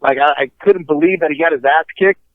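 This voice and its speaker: A man in his thirties co-hosting a podcast, telling stories in a profane, animated way and acting out quotes. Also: fairly high pitch, a little fast, no echo, narrow, tinny audio. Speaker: podcast co-host. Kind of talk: casual chat, storytelling.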